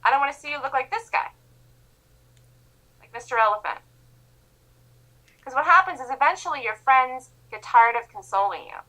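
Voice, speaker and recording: A woman's voice: high-pitched, lively intonation, moderate pace, long pauses, bright, forceful tone, rough recording. A woman trading instructor giving a motivational lecture in an emphatic, insistent manner.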